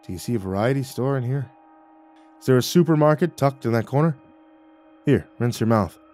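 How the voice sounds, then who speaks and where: A man voicing a soft, cryptic spirit guide. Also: mid-range voice, expressive, a little fast, close to an everyday voice. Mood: dry.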